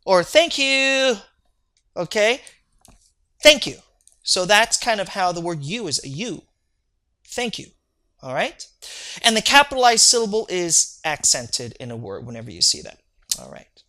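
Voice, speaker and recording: Energetic lecturer with a bright voice. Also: medium pitch. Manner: energetic, joking, checks in with "okay?". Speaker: medical terminology lecturer. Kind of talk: recorded online lecture. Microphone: recorded video lecture.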